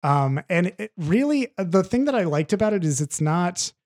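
A man co-hosting a film podcast in casual chat, animated and rambling, swearing freely. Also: high voice, moderate pace. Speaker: podcast co-host reviewing films.

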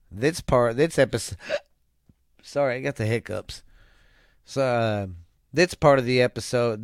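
A man's voice: medium pitch, smooth, no echo, clean studio sound. A man hosting a vlog, reading viewer comments aloud with crude jokes and rambling asides.

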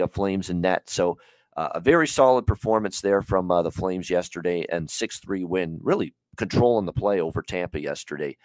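A man's voice: lowish voice, dry recording. A man hosting a solo sports betting podcast, talking in a rambling, conversational way full of fillers. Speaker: sports betting show host.

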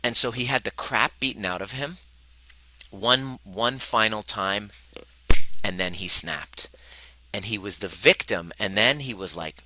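Guy coaching a live workshop, low voice but really sharp and edgy, swears a lot, acts out voices, talks right to the crowd. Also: measured pace, no echo, low-quality recording. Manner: animated and profane, acting out quoted voices; speaks directly to the audience. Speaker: relationship coach.

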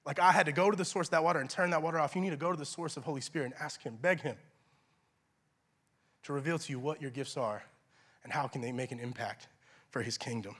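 A man preaching a sermon as pastor, earnest and conversational, with casual fillers and soft, hushed stretches for prayer. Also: medium pitch, fast. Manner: drops soft and quiet for prayerful lines.

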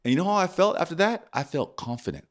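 A man's voice: on the high side, fast. A young man in casual podcast chat, telling stories and acting out his own reactions. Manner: animated storyteller, acts out his own reactions. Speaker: podcast co-host.

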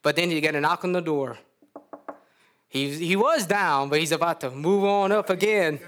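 A man preaches in a folksy, storytelling way, often breaking off and chuckling. His voice sits notably high for a man. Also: normal speed. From Louisiana. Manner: folksy, chuckling, animated retelling with restarts. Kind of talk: storytelling sermon.

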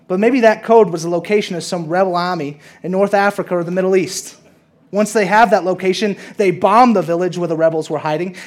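In a high, lightly acted voice, a man reads a movie monologue aloud. He plays a brilliant, bitter young working-class man delivering a long sarcastic rant.

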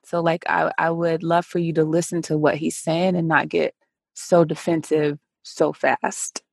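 A woman with a lowish, gravelly voice hosts a relaxed interview over a call. She talks in an animated way and slips into quoted dialogue often. The sound is dry and close. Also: unhurried, dry recording. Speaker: podcast host. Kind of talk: casual conversational interview. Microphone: remote call recording.

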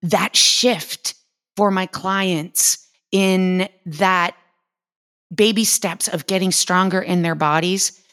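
Woman, fifties, lowish voice, fitness coach host; frank, animated, a bit profane, acts out her inner voice. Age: 50s. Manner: candid, animated, swears freely and acts out her own inner voice. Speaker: fitness trainer and podcast host. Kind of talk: casual motivational monologue.

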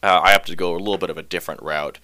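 A man talking casually about acting in a stage play, telling his story with laughs and quick asides. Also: low voice, fairly even intonation, sharp tone, dry recording. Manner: chatty, laughs often, acts out quoted voices. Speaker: community theater actor, guest. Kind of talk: casual interview chat.

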